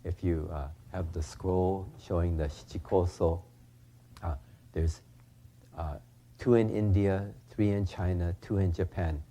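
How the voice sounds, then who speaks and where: A man's voice: sits low, steady tone, measured pace, dark tone. An older man from California, a Buddhist minister giving a folksy storytelling talk, acting out the characters and often asking "huh?".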